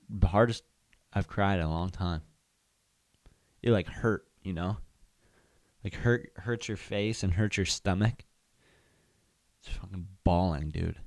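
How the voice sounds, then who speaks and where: Rambling young man, low dry voice. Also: dry recording. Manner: rambling, candid, lots of fillers. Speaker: podcast host. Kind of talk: casual solo chat.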